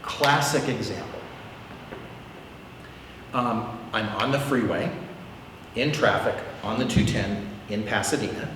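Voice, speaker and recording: A man's voice: lowish voice, takes it slowly, long pauses, a bit bright, recorded from a distance, a little hiss or hum. A man teaching a prayer class in a candid, self-deprecating way, often repeating words as he thinks. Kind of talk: informal teaching talk. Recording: echoey hall, long reverb.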